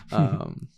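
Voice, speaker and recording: A young man from upstate New York, hosting a podcast and talking casually, emotional and halting, laughing as he tears up. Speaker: podcast host. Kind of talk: casual chat.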